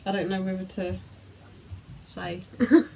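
A woman's voice: mid-range voice, fairly even intonation, a little slow, creaky, warm tone, a little hiss or hum. A woman co-hosting a casual video chat, teasing her partner and sounding out foreign phrases in an amused way. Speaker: co-host.

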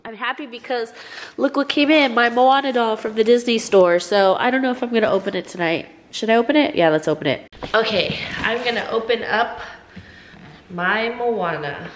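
A woman's voice: fairly high pitch, slight background noise. A young woman vlogging casually, rambling and emotional, full of fillers and restarts. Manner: gushing and gasping with excitement. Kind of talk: casual vlog chat.

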